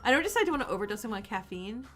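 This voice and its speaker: Young woman gaming stream, super bright high voice, giggly, talks to the characters, faint music under. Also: very animated, rapid-fire. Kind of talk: casual gameplay commentary.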